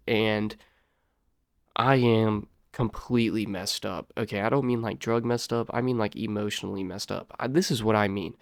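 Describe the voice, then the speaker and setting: A young man spins a rambling personal story in loose slang, tossing in "dude" and "bro" and swinging from loud to hushed. His voice sits in an ordinary middle register, recorded close and dry with no room sound. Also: mid-range voice, dry recording. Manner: lively, jumps between loud and quiet. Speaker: vlogger telling a personal story. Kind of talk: casual storytelling to camera.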